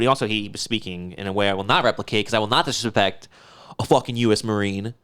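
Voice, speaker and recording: Smooth-voiced profane Northeastern US man. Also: lowish voice, fast, a bit bright. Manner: profane, ranting storyteller. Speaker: podcast co-host. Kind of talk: casual chat.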